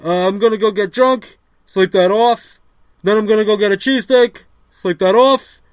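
A man's voice: sits high, moderate pace, no room sound, close to an everyday voice. A man voicing a rambling, blunt male sports-fan caller in a comedy sketch.

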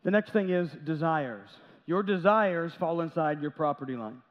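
Speaking at normal speed in a slightly high voice, a pastor delivers a conversational sermon, sprinkling in jokes and small acted-out quotes. He's in a large church sanctuary, and the dull audio carries long church reverb.

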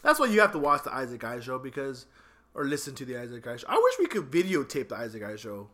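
A man hosting a casual talk podcast, ranting in an exasperated, animated way. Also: mid-range voice, fast. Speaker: podcast host. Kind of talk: casual opinionated chat.

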